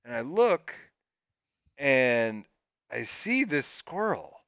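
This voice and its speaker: Animated man telling a story, bright voice. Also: extremely slow, no echo. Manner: animated, swearing, jumps into squeaky high pitch when quoting himself. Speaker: podcast co-host. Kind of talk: casual storytelling.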